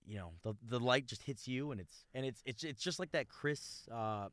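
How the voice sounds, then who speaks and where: A man's voice: mid-range voice, moderate pace, fairly bright tone, no echo. A man co-hosting a podcast, chatting casually about football in a rambling, jokey way that trails off mid-sentence. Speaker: podcast co-host. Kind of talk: casual sports chat.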